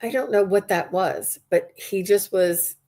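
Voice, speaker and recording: A woman's voice: medium pitch, a little slow, dark tone. A woman working as a psychic medium, giving a live reading to viewers in an earnest, rambling way with many restarts.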